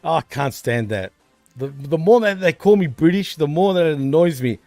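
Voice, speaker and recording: A man's voice: a little high, expressive, moderate pace, a little mellow, dry recording, soft background music. An Australian man co-hosting a podcast, chatting casually in a laid-back way, calling people bro and dude. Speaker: podcast co-host. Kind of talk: casual wrestling banter.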